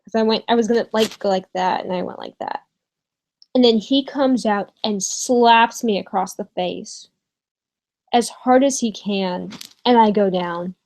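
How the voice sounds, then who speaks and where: A young woman vlogger telling a personal story to camera in a candid, animated way, swearing and using fillers as she goes. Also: mid-range voice, a little slow. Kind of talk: casual storytime vlog.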